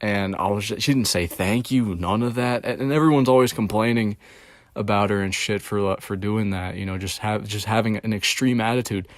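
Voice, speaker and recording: Young male streamer, casual profane rambler, slightly low pitch, dry sound. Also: a little fast, dry recording. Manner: rambling, profane, storytelling with many fillers. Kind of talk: casual rant about work.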